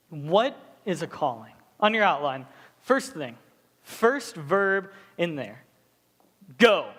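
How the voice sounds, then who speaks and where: A young man with a high voice preaching to students in a relaxed, joking way, jumping into stories with lively asides. his words ring out with a long reverberant tail. it sounds like a big hall rather than a small room. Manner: casual, joking, animated storytelling. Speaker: youth pastor. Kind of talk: sermon.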